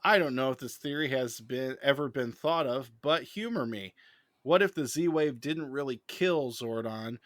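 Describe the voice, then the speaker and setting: A man's voice: medium pitch, expressive, normal speed, a bit bright, dry recording. A man co-hosting a casual fan podcast, chatting and reading viewer comments aloud. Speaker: podcast co-host.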